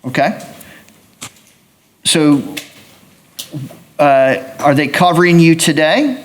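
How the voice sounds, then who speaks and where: Speaking to prospective jurors, a judge in a courtroom lays out what jury duty involves, measured and explanatory. He has a slightly high voice with lively intonation.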